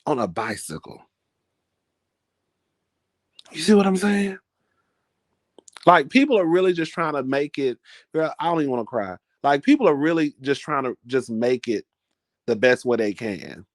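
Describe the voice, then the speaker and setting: A man's voice: on the high side, dry recording, studio quality. A man vlogging in a casual, chatty storytelling style, dramatic and full of asides. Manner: chatty, dramatic, keeps calling listeners "girl".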